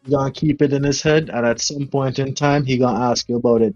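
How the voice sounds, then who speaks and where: A man's voice: medium pitch, steady tone, fast, darkish tone, dry recording. Man giving emphatic advice, dry lo-fi. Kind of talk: casual chat. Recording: dry, dull lo-fi audio with faint music.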